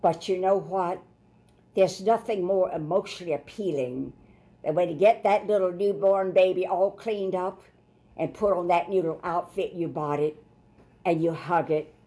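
A woman's voice: fairly low pitch, dark tone. A woman preaching a sermon, explaining scripture in a folksy, emphatic way and repeating herself for stress. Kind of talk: sermon with running commentary on scripture.

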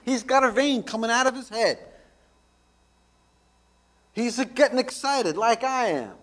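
Slow, high-voiced male pastor preaching. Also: expressive, fairly bright tone. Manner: emphatic, deliberate preaching that repeats key phrases. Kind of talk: radio ministry sermon.

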